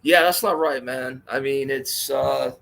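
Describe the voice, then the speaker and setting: A man's voice: mid-range voice, unhurried, creaky, fairly bright tone, slight background noise. A man co-hosting a casual talk show, mostly reacting briefly to the main host. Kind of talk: casual chat.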